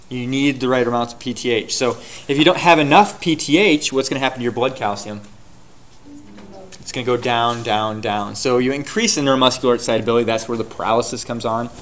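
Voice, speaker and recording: A man teaching a class, lecturing and quizzing his students with rapid questions and answering them himself. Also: medium pitch, a bit bright, a little hiss or hum.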